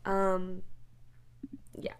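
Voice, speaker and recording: A woman's voice: lowish voice, monotone, extremely slow, a little hiss or hum. A young woman chatting casually in a vlog, rambling with many fillers and frequent giggles. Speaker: vlogger. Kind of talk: casual chat. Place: bedroom.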